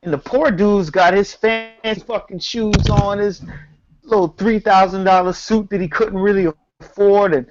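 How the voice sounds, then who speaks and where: A man co-hosting a casual talk show, telling a story in an animated, slangy, profane way. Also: high voice, normal speed, highs cut off, background noise. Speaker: podcast co-host.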